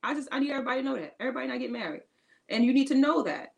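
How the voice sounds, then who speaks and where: A woman with a high-pitched, animated voice races along with vocal fry on a lo-fi recording. Co-hosting a faith-based podcast, she offers emphatic encouragement in casual, informal talk with loose grammar, repeating her key phrases.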